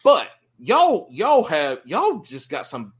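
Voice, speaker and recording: Animated Southern man joking on a podcast. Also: high voice, slow, breathy edge. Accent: Southern American. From American South. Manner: joking, laughs often, swears freely. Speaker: podcast host. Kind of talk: casual podcast banter.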